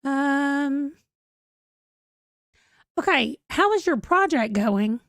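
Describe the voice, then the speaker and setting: High-pitched forties woman rambling thru a live chat, reading comments out, dry close sound. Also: moderate pace, no echo. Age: 40s. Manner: chatty and rambling, reads viewer comments aloud. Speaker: book channel host. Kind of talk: casual livestream chat.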